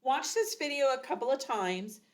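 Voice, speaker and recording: A woman's voice: high voice, lively intonation, moderate pace. A woman teaching a children's recorder lesson, patiently explaining and chanting rhythms aloud. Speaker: music teacher.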